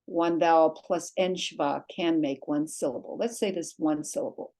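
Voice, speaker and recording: A woman teaching a Hebrew lesson, slowly and patiently drilling vowel sounds and letters at a board in a classroom. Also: deep voice, steady tone, dark tone, poor audio.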